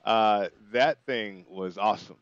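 A man's voice: lowish voice, unhurried, no room sound, highs cut off. A man appearing as a guest football analyst on a radio show, talking enthusiastically with many fillers. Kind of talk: casual radio interview.

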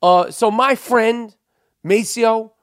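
A man in his forties hosting a podcast, ranting loudly and cursing often in an exasperated monologue. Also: very high-pitched, takes it slowly, dry recording, studio quality. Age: 40s. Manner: loud, cursing, exasperated rant. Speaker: podcast host.

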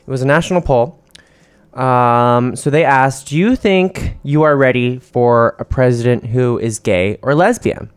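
A campy, chatty man co-hosts a podcast in a casual back-and-forth, swearing freely. His voice is smooth and clear, sitting in a middle range. The sound is dry and close. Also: mid-range voice, unhurried, no echo. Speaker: podcast co-host. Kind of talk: casual chat. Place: New York City.

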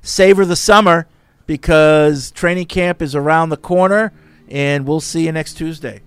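A man's voice: on the high side, steady tone, unhurried, clear, resonant tone. A man hosting a casual sports podcast, chatting with co-hosts and reading listener emails aloud in an easygoing way. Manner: easygoing, wraps up the show brightly. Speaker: podcast host.

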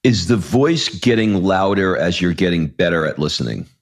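A man hosting an interview, his voice very low. He asks careful, probing questions at an even, measured pace. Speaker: interview host.

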